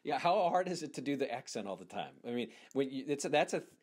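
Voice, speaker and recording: Guy hosting a chat show, average pitch, asks long rambly fanboy questions. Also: very animated, fast, darkish tone, husky. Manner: enthusiastic fan, rambling questions with many restarts. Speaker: podcast host. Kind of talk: casual interview chat.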